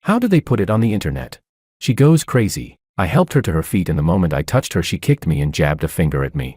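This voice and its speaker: A man's voice: deep voice, sing-song, fast talker, a little mellow, husky, no echo, clean studio sound. A young man narrating a scripted first-person story in a wry, exasperated manner.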